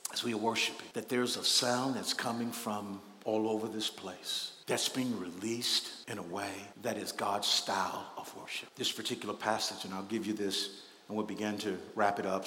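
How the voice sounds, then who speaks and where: A male pastor preaching a sermon, moving between quiet teaching and loud, spontaneous outbursts of praise, laughing and calling on the congregation to respond. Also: medium pitch. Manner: swings from soft teaching to shouted, spontaneous praise; laughs often and calls out to the congregation. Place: church sanctuary. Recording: echoey hall, long reverb.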